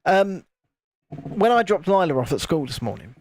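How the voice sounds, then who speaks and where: A man's voice: high voice, sing-song, moderate pace, a little mellow. A man co-hosting a live stream, chatting casually and teasing constantly. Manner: teasing wind-up merchant. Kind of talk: casual chat while building.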